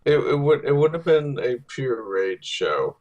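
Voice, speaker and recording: A man co-hosting a casual podcast who talks in a relaxed, agreeable way. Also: mid-range voice, unhurried, muffled recording. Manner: relaxed, agreeable, backchannels a lot. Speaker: podcast co-host. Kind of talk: casual chat.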